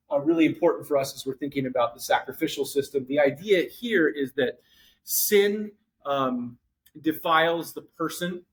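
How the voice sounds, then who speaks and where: A man teaching a Bible class in an easygoing lecture voice. His pitch sits in an ordinary middle range, and he talks off the cuff. Thoughts come out in loose chunks, with fillers and restarts along the way. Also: low-quality recording.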